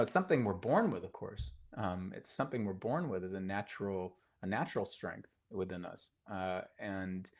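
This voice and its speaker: A man teaching mindfulness on a live stream, telling a story casually with many fillers and restarts, earnest and gently encouraging. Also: medium pitch.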